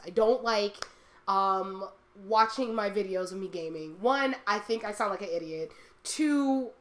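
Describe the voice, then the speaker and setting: A woman's voice: mid-range voice, fairly bright tone. A young woman hosting a casual podcast chat, rambling and laughing often. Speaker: streamer and podcast host.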